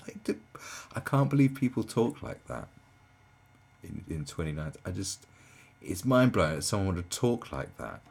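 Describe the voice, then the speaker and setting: A man talks through a video in casual reaction commentary, sounding incredulous and mocking. His voice is deep and gravelly, and his pitch swings around a lot. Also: big pitch swings, moderate pace. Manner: incredulous and mocking, with frequent laughter.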